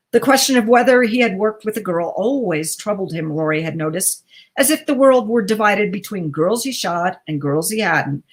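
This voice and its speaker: A woman reading a short story aloud in a measured, even narrating voice for a theatre's live-stream reading. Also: medium pitch. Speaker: reader. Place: local theatre livestream.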